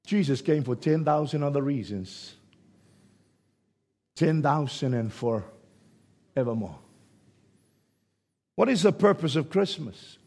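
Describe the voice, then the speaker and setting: A man delivers a sermon with a husky, gravelly voice sitting a bit above the usual male range. His delivery swings from hushed, stretched-out lines to sudden loud shouts. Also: on the high side, lively intonation, slow pace, pauses often. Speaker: preacher.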